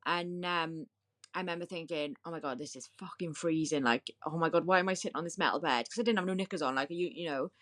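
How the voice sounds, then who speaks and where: A woman's voice: low voice, fast, a bit bright. A woman, a guest in a podcast interview, recounting a personal story vividly, repeating key points and quoting others as she goes. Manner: vivid, repetitive retelling with quoted dialogue.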